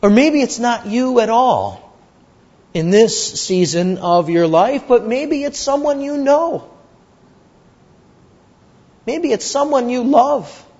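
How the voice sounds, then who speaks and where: Guy preaching a sermon, high voice, slow and earnest, repeats himself, muffled lo-fi sound. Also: darkish tone, breathy edge. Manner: measured, repetitive, earnest. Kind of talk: sermon with storytelling. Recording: dull lo-fi recording.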